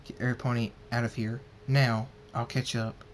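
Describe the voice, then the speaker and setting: A man voicing a proud, hot-tempered male pony king in a read-aloud fan story, talking gruffly and commandingly. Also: medium pitch, flat delivery, moderate pace, a little hiss or hum, lightly acted. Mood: desperate.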